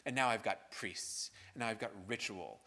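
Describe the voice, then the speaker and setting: A man lecturing a class in an easygoing, chatty manner, his pitch rising and falling as he talks. He keeps tossing in "right?" and "um" while he works through his points. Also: normal speed, pushed and bright. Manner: conversational, frequent "right?" and fillers. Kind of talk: university lecture. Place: lecture hall.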